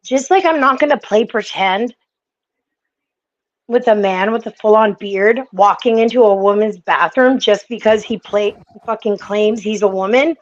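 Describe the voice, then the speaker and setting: A woman's voice: mid-range voice, unhurried, dull audio. A woman hosting a casual chat, talking bluntly and with plenty of swearing. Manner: blunt, profane, rambling.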